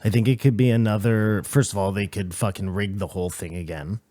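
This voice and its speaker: A man co-hosting a casual podcast, talking loosely and swearing, jumping up into animated bursts when he gets worked up. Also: fairly low pitch, fairly quick. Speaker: podcast co-host.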